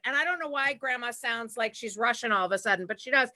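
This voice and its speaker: Chatty high-voiced woman comic. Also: quick pace, few pauses, sharp tone. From Massachusetts. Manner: chatty, conspiratorial, full of fillers. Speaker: stand-up comedian and show host. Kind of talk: stand-up comedy set. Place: home, live stream.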